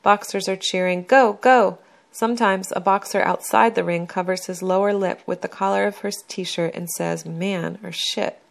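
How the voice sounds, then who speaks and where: A woman reads a first-person memoir in a low voice with a gravelly, fry-edged texture. Her delivery is measured and even, unhurried storytelling. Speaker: narrator reading her own memoir.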